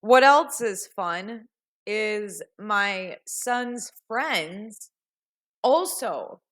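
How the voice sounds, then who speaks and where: A woman's voice: medium pitch, expressive, extremely slow, a bit bright. A woman vlogger telling a rambling, self-mocking story in a casual voice-over.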